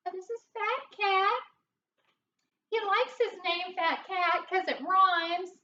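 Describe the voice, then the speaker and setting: A squeaky, very high-pitched cartoon mouse, giddy and gushing as she bounces between words. The sound is dull and roomy, picked up from across the room. She gets bossy about introducing her friends. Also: takes it slowly, bright, forceful tone, distant mic, slight background noise, heavily acted. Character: excitable squeaky female cartoon mouse puppet.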